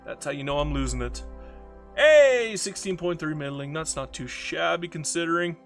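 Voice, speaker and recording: A man's voice: on the high side, expressive, moderate pace, vocal fry, fairly bright tone, soft background music. A man casually commenting on a strategy game while streaming, rambling, mocking himself and reading chat messages aloud.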